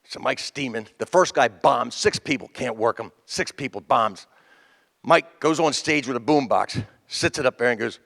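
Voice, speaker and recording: A man telling a stand-up tribute story on a comedy stage, acting out the people in it with lively voices. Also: mid-range voice, normal speed, creaky. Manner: animated, acts out the people in his stories. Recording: long hall reverb.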